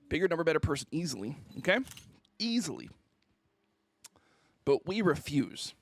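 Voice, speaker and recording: High, animated man ranting on stream. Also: brisk, soft background music. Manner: mock-indignant, theatrical, keeps asking "okay?". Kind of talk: casual livestream rant.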